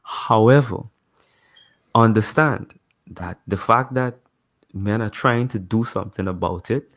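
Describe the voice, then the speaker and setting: A man speaking as a guest in a casual live-stream discussion, laying out his argument deliberately, point by point. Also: fairly low pitch, a bit bright.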